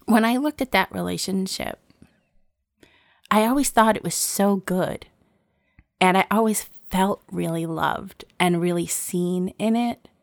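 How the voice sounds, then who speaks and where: Speaking a little slowly in a gravelly, medium-pitched voice, a woman in her forties relates a personal story in casual conversation. The recording is clean studio sound without echo, and she acts out the dialogue with lively energy, laughing frequently.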